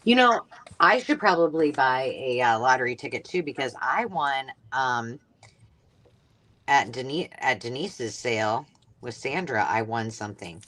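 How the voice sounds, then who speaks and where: A woman's voice: a bass voice, animated, unhurried, fairly bright tone. A woman co-hosting a casual livestream, easygoing and wry. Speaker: co-host of a craft livestream. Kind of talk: casual chat.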